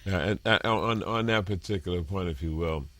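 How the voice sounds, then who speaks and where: A man interviewing a guest, asking questions in a halting way. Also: sits low, a bit bright. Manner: halting, searching for words. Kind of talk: interview conversation.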